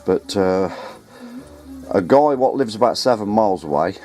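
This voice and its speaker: A man's voice: lowish voice, lively intonation, moderate pace, darkish tone. A man chatting and rambling to a handheld camera outdoors at home, correcting himself as he goes. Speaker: radio hobbyist vlogger. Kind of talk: casual running commentary to camera. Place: outdoors at home on ladders and in the garden. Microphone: handheld camera mic.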